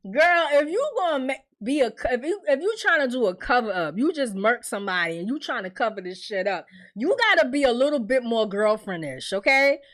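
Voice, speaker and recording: A young woman vlogger, recapping a TV episode in a casual, animated way and acting out the characters' lines. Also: fairly high pitch, a little fast, hardly any pauses, dry recording. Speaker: vlogger reviewing a TV series.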